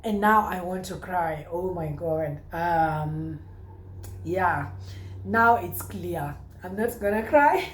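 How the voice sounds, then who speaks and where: A woman's voice: lowish voice, takes it slowly, echoey room, slight background noise, rough recording. A woman with a Kenyan accent talking through a casual vlog, chatty and exclamatory, slipping between English and Swahili. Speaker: vlogger.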